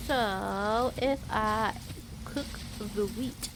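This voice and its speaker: A woman streamer giving casual gameplay commentary, thinking aloud in an unhurried, musing way. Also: mid-range voice. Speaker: game streamer. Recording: clear background noise.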